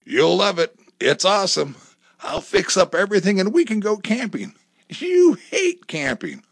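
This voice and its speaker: A man reading a story aloud, voicing an excitable husband who talks eagerly and tries to win his wife over. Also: sits high, moderate pace, vocal fry, no room sound, studio quality, voice pushed up. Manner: upbeat, eager, persuasive.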